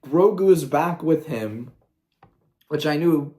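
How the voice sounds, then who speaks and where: A man ranting casually as a video creator, excitable and profane, with quick asides. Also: on the high side. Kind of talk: casual rant. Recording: roomy echo.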